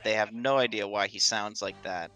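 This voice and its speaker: A man with a low, very bright and sharp voice talks through a speedrun in casual live commentary. He explains things at length and laughs easily. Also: steady tone, moderate pace, soft background music. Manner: chatty, laughing often, explanatory.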